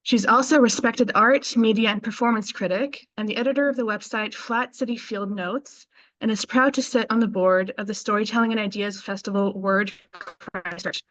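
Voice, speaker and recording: A woman's voice: medium pitch, steady tone, normal speed, a bit bright, slight background noise. Woman reading an introduction, dull sound. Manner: reads carefully, stumbling over place names. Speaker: festival host.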